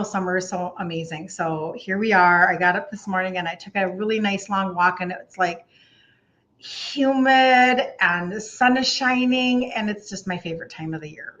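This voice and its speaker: A woman's voice: mid-range voice, fairly bright tone. A woman in her fifties with a Minnesota accent, chatting casually as a health coach on a livestream, laughing often and filling gaps with "um" and "like". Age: 50s. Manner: chatty, laughs often, uses many fillers.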